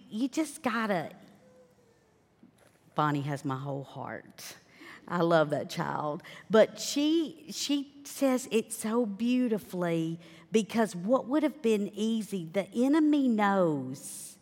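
Low-voiced woman host. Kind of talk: faith talk show chat. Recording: long hall reverb.

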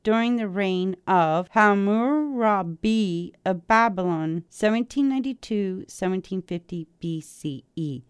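A woman hosting her own solo podcast, reading aloud and musing excitedly, sometimes tripping over hard names. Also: mid-range voice, unhurried, few pauses, clean tone, dry recording, clean studio sound. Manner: animated, excitable, thinks out loud; stumbles over ancient names. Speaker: podcast host.

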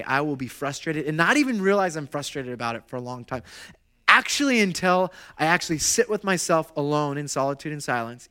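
Bright-voiced man preaching conversationally. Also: a little high, smooth. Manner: conversational, animated storytelling with self-deprecating asides. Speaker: pastor. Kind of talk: sermon.

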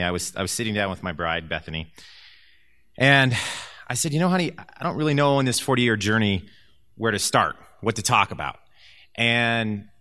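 Bright-voiced man in his forties telling his testimony. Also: mid-range voice, dry recording, clean studio sound. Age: 40s. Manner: candid, conversational storytelling with self-deprecating humor. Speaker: church elder giving a testimony. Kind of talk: personal testimony talk to a church group.

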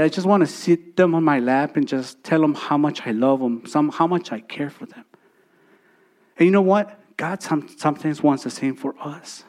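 A man in his thirties preaching a sermon, his voice sitting a little high for a man. He drives points home with repeated phrases, rising loud and then dropping to near quiet. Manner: emphatic preaching with repetitions and swings from loud to soft. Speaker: pastor.

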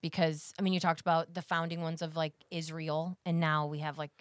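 A woman's voice: low voice, little pitch movement, brisk, smooth, no room sound. A woman co-hosting a casual Bible study chat. She asks curious questions and hedges her points. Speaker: podcast co-host.

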